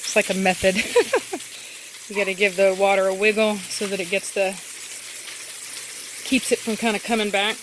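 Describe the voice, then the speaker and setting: A woman's voice: medium pitch, normal speed, long pauses, noisy background. A woman dog breeder chatting casually while doing outdoor chores, often cooing baby talk to her dogs.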